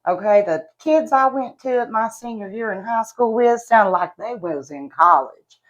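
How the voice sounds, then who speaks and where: A woman's voice: on the high side, lively intonation, moderate pace, rough recording. A woman from West Virginia with an Appalachian Southern accent, chatting casually at home while reviewing products, folksy and talkative, calling viewers y'all. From West Virginia, USA. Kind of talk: casual chat to camera.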